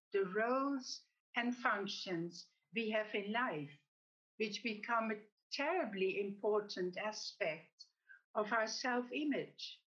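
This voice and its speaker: A woman giving a reflective talk in a measured, gently explanatory way. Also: a little high, lo-fi sound. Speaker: speaker. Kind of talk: reflective talk with a told joke.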